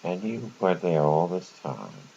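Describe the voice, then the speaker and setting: A man's voice: low voice, very animated, unhurried, gravelly, warm tone. A man telling a rambling, stammering monologue, repeating himself as he goes. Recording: muffled lo-fi with faint room noise.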